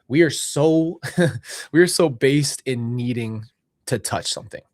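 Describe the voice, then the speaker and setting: A man's voice: medium pitch, a little slow, a little mellow, no room sound, studio quality. A young man talking earnestly and rambling about faith, seated indoors as a podcast host, often correcting himself mid-thought. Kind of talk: reflective faith talk.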